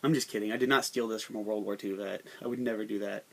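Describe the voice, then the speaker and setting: A man's voice: on the low side, fairly even intonation, fast, gravelly, a bit bright. A young American man hosting his own podcast, talking in a profane, rambling, joking monologue full of slang. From United States. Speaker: podcast host.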